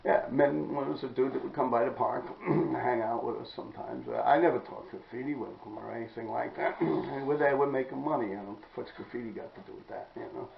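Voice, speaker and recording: Podcast host, New man, heavy vocal fry, blunt and profane, roomy dull recording. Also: medium pitch, a little fast, hardly any pauses, crowd noise. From New York City. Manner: blunt, profane, rambling, clears throat often. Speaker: podcast host telling graffiti stories. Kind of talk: casual storytelling monologue.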